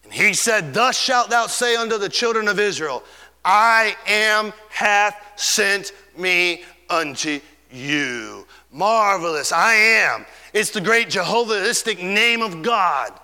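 A man preaching a fervent sermon, stretching key words and swinging between loud and soft. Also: sits high, animated, slow, clean tone, in a large hall.

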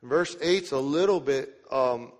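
A man preaching a sermon in a church. He reads scripture aloud slowly and then explains it in plain, casual terms. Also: mid-range voice. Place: church sanctuary. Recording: long hall reverb.

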